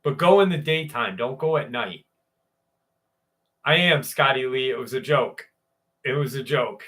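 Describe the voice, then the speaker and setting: A man's voice: medium pitch, measured pace, a bit bright. A man hosting a live show, reading a viewer's story aloud and then chatting loosely with his live chat, joking and swearing freely. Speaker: show host.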